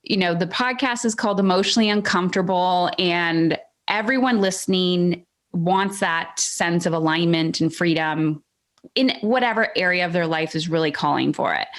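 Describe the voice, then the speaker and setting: A woman's voice: on the low side, normal speed. A woman hosting a podcast, asking questions in a reflective, encouraging way with frequent "like" and "um". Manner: reflective, encouraging, many fillers like "like" and "um". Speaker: podcast host. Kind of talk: casual podcast interview.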